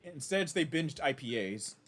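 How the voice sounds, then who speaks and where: A man's voice: a little high, expressive, a little slow, fairly bright tone. A man casually chatting while streaming a game, rambling and reacting with many restarts. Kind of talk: casual live-stream commentary.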